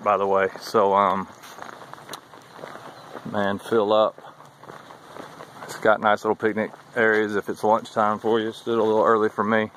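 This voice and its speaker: A man vlogging casually as he hikes a trail, chatty and wry, thinking out loud. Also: lowish voice, a little hiss or hum, rough recording. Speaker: thru-hiker vlogger. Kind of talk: casual walking vlog. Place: outdoors on a wooded hiking trail. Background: faint outdoor ambience.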